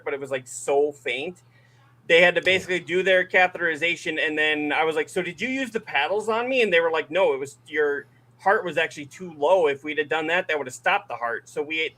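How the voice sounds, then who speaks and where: A married man co-hosting a casual podcast, telling a story with a slightly raised, very bright voice. He acts out everyone he quotes and laughs along. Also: a little high. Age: adult, married. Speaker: podcast co-host.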